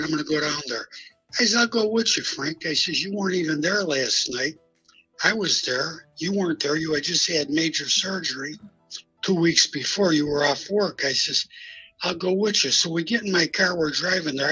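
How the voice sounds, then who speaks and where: A man's voice: a little high, sharp tone, husky, poor audio. An older man, a guest on a live stream, tells a street story bluntly and profanely, acting out each exchange of dialogue. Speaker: guest recounting mob history.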